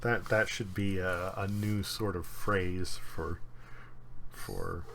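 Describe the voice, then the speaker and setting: A man narrates a tabletop game as its game master, slow and halting with many fillers. His tone is bright and his pitch sits a little low. A faint hum runs under the voice. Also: fairly even intonation, vocal fry. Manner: hesitant, many fillers, unhurried.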